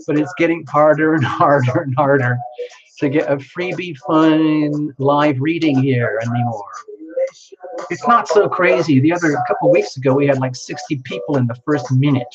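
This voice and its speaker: A man's voice: a little high, a little slow. Playful chatty man on a stream. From United States. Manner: chatty and playful, laughs often, reads out viewer names. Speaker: tarot reader hosting a live stream. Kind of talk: casual live-stream chat greeting viewers. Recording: dull lo-fi sound with music behind. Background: music playing.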